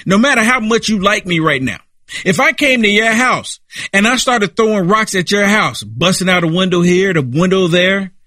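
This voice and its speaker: A man delivers fired-up political commentary in a high, piercing voice with a forceful edge. He hammers his points home, repeating lines like a preacher. The sound is dry and close to the mic. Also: lively intonation, normal speed, no room sound. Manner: emphatic, repetitive, preaching tone.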